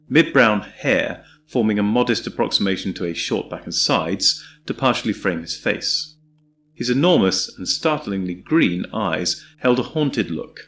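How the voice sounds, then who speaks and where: A man narrates an audiobook in a measured, descriptive way. His voice sits on the low side, with a faint hum in the background. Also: fairly bright tone.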